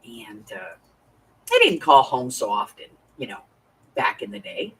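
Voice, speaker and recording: A woman in her fifties chats slowly and confidingly as she crafts, her husky voice swinging widely in pitch. She sounds a little distant from the mic. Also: sing-song, a bit bright. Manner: chatty and confiding, greets viewers by name. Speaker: crafting live-stream host. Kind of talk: casual chat while crafting. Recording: voice a bit far from the mic.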